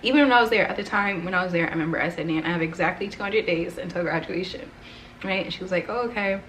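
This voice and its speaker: A woman's voice: on the low side, fast talker, a bit bright, a little hiss or hum, rough recording. A woman in her twenties telling a personal story to camera in a rambling, emotional way, near tears, recorded on a camera microphone. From United States. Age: 20s. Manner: rambling, emotional, frequent "like" and "right?". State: tearful. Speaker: vlogger. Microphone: camera mic.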